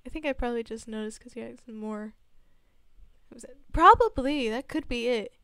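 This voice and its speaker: A woman's voice: fairly high pitch, moderate pace, bright, forceful tone, smooth, no echo, clean studio sound. A young woman streamer with a subtle Southern US accent, chatting casually and rambling, laughing often. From Southern United States. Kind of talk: casual livestream chat with chat readers.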